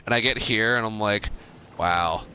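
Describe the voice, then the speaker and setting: A man's voice: fairly low pitch, animated, normal speed, a bit bright, a little hiss or hum. A man streaming a game, talking casually with a teammate, joking and laughing often. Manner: chatty, laughs often, jokey. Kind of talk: casual gaming chat.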